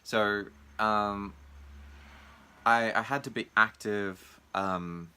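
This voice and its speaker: A man's voice: on the low side, fairly even intonation, drawn-out words, sharp tone, clear, resonant tone. A man, a martial arts teacher, talking casually and reflectively in his own video diary, acting out what other people say. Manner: musing, acts out other people's lines in raised voices.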